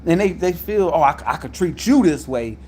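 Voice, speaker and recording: A man telling a story about a workplace conflict, getting loud when he acts out what was said. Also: fairly high pitch, brisk, slight background noise. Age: adult. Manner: animated, loud when reenacting quotes. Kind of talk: casual storytelling to viewers.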